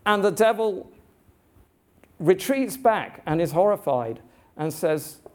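A male preacher tells a story during a sermon in an earnest, halting way, often restarting his sentences. His voice sits a little high for a man. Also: expressive.

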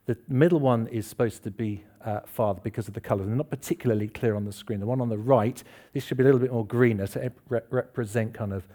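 A man with a dark, medium-pitched voice rattles through an informal sermon quickly, with few pauses. Before the congregation in a church hall, he asks questions and teases himself.

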